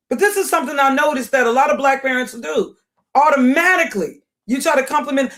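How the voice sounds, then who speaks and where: A woman's voice: high-pitched, animated, brisk, a bit bright. A woman hosting a casual commentary video, thinking aloud with many restarts and fillers, and at times reading a passage aloud. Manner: reads aloud from a search result on screen. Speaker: commentary channel host.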